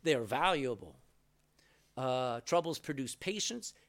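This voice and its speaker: Delivering a sermon full of stories, a middle-aged pastor voices each quote differently. His mid-range voice is animated and a bit bright, and he speaks a little slowly.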